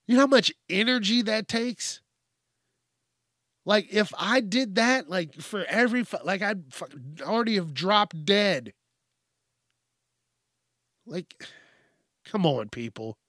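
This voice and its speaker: A man's voice: high voice, expressive, takes it slowly, long pauses, fairly bright tone, no room sound, clean studio sound. A man hosting a news commentary show, ranting in a profane, mocking way about news stories. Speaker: host.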